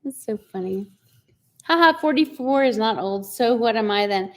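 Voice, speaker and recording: A woman's voice: on the high side, expressive, moderate pace. A woman in her forties hosting a casual live chat, talking chattily, laughing often and reading out viewer comments. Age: 40s. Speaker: livestream host.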